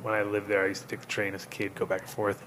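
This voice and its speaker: A man's voice: on the low side, completely flat delivery, very fast, a bit bright, slight background noise. A man from Rhode Island hosting a show, telling rambling, laughing stories in casual, swearing chat. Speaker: host.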